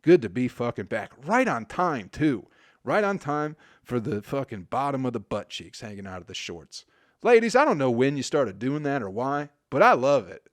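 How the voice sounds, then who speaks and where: A man's voice: mid-range voice, very animated, normal speed, no room sound, clean studio sound. A man in his forties from Michigan, hosting a solo podcast in a crude, profane, rambling monologue that trails off into mumbles. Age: 40s. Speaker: podcast host.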